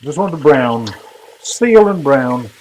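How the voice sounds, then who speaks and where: Man, cooking-channel host, chatty and self-deprecating, mid-pitch, in his home kitchen. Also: big pitch swings, measured pace, darkish tone. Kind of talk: casual cooking vlog chat.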